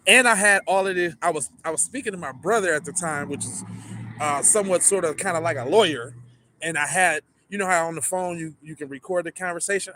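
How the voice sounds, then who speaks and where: A man casually telling a story, animated and full of swearing, acting out the people in it. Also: fairly high pitch, slight background noise. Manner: animated, profane, acts out the people in his story. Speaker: podcast storyteller.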